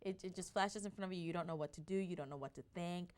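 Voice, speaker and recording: A woman telling her personal story as an interview guest, in an animated way with frequent restarts. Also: on the low side, fast talker, background noise.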